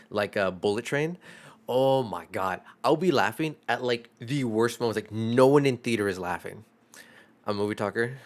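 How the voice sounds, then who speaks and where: A young man on stream talks in a low-pitched voice, drifting from point to point with plenty of filler. His tone is self-deprecating and loose, and he swears freely as he chats. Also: fairly bright tone. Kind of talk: casual chat.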